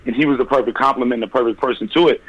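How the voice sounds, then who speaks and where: A husky-voiced American man talks very fast at a medium pitch as a guest in a casual interview about his new music. He's relaxed and excited, full of slang and repetition, on a dry, lo-fi recording.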